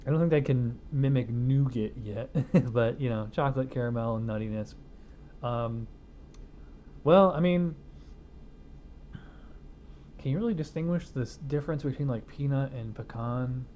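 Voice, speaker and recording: A man's voice: mid-range voice, unhurried, long pauses, highs cut off, slight background noise. A man casually reviewing a beer in a home studio, rambling with lots of fillers and restarts and chuckling at his own jokes. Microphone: wireless lapel mic hidden behind a studio mic.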